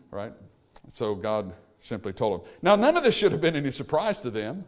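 A man's voice: mid-range voice, sing-song, moderate pace. A man preaching a sermon in an emphatic, repetitive cadence, stressing each phrase in turn. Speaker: pastor.

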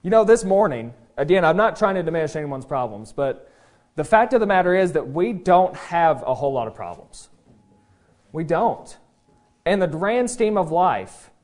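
A man preaching a sermon, emphatic and animated, often acting out voices in his quotes. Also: fairly high pitch. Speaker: pastor.

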